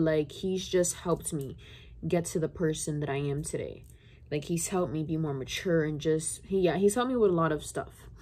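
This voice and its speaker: A woman's voice: on the low side, mellow. A young woman in her late teens telling a personal story to her viewers in a casual, rambling, confiding way, full of fillers. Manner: rambling, confiding, heavy use of "like". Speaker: vlogger.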